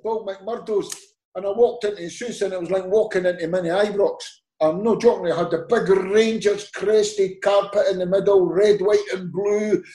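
A man's voice: sits high, reverberant. A man with a Scottish accent, a former footballer telling anecdotes in casual chat and acting out the dialogue. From Scotland. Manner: animated storyteller, acts out quoted dialogue, laughs often. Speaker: podcast guest, former footballer.

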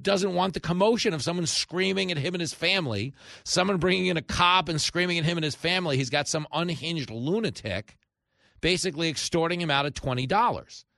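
A man hosting a radio talk show, telling stories animatedly and acting out the shouting people in them. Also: a little high, creaky, no room sound, studio quality. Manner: animated storyteller, acts out shouting characters. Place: radio studio.

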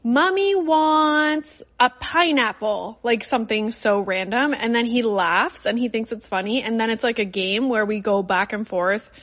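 A woman's voice: medium pitch, fairly even intonation, moderate pace, hardly any pauses, a bit bright, lo-fi sound. A young adult woman from Canada hosting a podcast in a casual, chatty, rambling way with lots of fillers. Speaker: podcast host. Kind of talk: casual solo chat. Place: in a car.

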